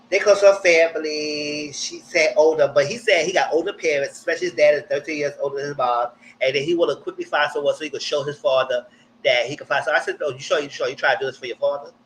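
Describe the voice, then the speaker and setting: A man giving a blunt, slangy live recap of a TV show, jumping up high in pitch when he quotes people. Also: a little fast, slight background noise, low-quality recording. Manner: animated, jumps high when quoting people. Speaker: TV recap streamer. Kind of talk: live casual TV recap commentary.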